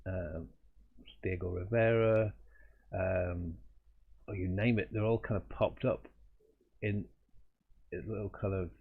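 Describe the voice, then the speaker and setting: A man's voice: sits low, steady tone, slow pace, creaky, pauses often, husky. A middle-aged man, an artist hosting a live drawing stream, telling a casual, rambling anecdote with chuckles and restarts. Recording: tinny phone-like audio.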